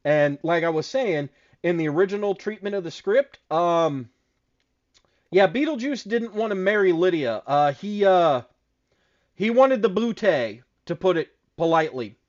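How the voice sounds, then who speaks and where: A man co-hosting a casual chat show, telling stories in a profane, animated way. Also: sits high, measured pace, muffled recording. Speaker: podcast co-host.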